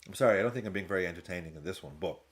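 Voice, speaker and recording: A man's voice: deep voice, racing, a little hiss or hum. A man with a casual, rambling manner, chatting and laughing often as he hosts a live football watch-along stream.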